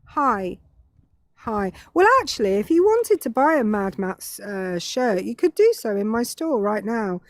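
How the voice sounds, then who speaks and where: A British woman co-hosting a call-in show, deadpan and jokey, cutting in with wry asides. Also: mid-range voice, measured pace. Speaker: show co-host. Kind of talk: playful banter.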